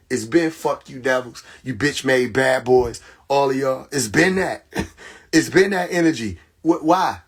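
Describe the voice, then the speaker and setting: A young man hosting a casual livestream, talking emphatically with laughter, repetition and profanity, his voice hoarse. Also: medium pitch. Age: young adult. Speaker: livestream host. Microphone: phone.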